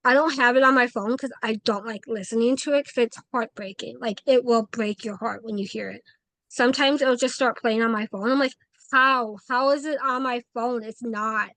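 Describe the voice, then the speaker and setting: Lively woman telling a ghost story. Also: on the high side, normal speed, no room sound. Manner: animated, acts out quoted dialogue, frequent "like". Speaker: paranormal investigator, guest. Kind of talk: casual interview storytelling.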